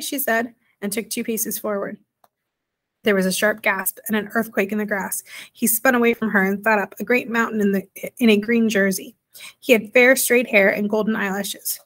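A woman reading a chapter of a children's novel aloud in a steady, gently expressive storytelling voice. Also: mid-range voice, moderate pace. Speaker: audiobook reader.

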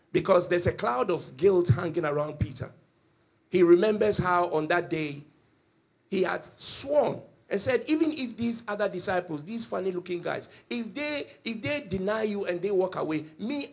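A male pastor preaching a passionate sermon in church, swinging between loud and soft as he tells the story. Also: on the high side, creaky, husky. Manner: impassioned storytelling with swings in volume.

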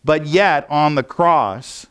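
A man's voice: a little high, takes it slowly, smooth. Casual rambling male pastor preaching. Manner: conversational, rambling with frequent fillers and restarts. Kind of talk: sermon. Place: church.

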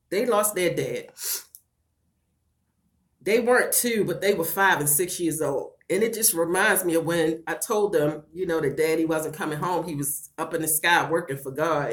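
A woman's voice: on the low side, a bit bright. A woman in her thirties on a casual live-stream vlog, tearful and blunt. She swears freely and talks straight to viewers as "y'all" and "girl.". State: tearful, voice breaking. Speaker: vlogger reading live chat.

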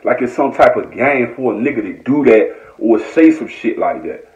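A man's voice: medium pitch, sing-song, fairly quick, darkish tone. A man from Norfolk, Virginia, delivering a heated, repetitive, profane rant on a live stream. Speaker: online commentator. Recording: echoey, dull lo-fi phone audio.

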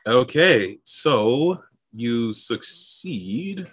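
A man's voice: medium pitch, sing-song, drawn-out words, fairly bright tone, breathy edge. A man working as game master, narrating the action and walking through the rules while thinking aloud, with frequent chuckles. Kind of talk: narrating and adjudicating a tabletop game.

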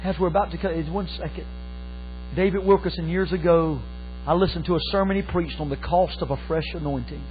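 High voiced guy preaching in church, fervent bursts, tinny phone-ish audio. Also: steady tone, fairly quick. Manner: impassioned preaching with sudden loud exclamations. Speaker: pastor. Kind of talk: sermon. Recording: tinny phone-like sound with faint mains hum.

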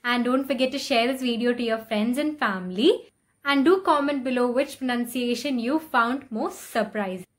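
Woman teaching pronunciation, slightly high voice. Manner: slow, deliberate repetition of example words. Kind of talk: explaining and modeling word pronunciations.

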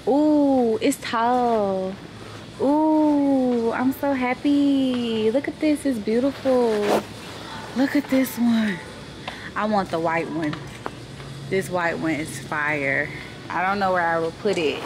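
A woman's voice: fairly high pitch, slow. A young woman vlogging casually from her car and then a big store, chatty and profane as she vents. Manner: chatty and profane, venting frustration. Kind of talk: casual vlog chat. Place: car, then a large home decor store. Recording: noisy phone recording with traffic and store sounds.

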